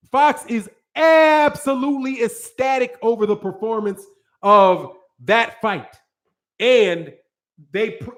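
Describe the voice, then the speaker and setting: A man with a fairly high voice hosts a boxing livestream, answering his viewers' chat as it comes in. He talks loose and slangy and swears freely, speaking straight into a studio mic. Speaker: boxing channel host. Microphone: studio microphone with several cameras.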